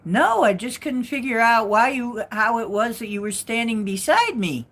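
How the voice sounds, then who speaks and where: Shrill frightened phone caller, high and pleading, insistent questions, as a woman storyteller acts her out. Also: animated, moderate pace, a bit bright.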